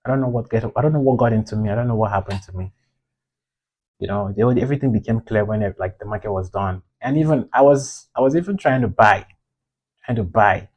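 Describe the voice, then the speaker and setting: A man's voice: lowish voice, brisk, a little mellow. A man reviewing his own trades in a casual, rambling way, frustrated and scolding himself for his mistakes.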